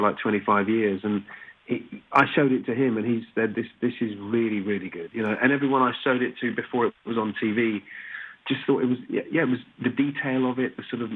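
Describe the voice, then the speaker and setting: A husky male voice at middling pitch comes through a thin, phone-like remote line. He talks casually as an interview guest and often stumbles and restarts with filler words. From Britain. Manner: frequent restarts and "you know" fillers. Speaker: actor guest.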